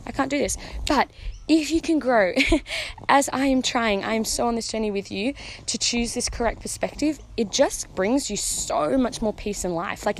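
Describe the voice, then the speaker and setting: A young adult woman, a mother hosting a podcast, talking casually and earnestly with lots of "um" and "like", warmly encouraging. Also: medium pitch, slight background noise. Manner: earnest and encouraging, many fillers like "um" and "like". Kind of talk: casual heartfelt talk.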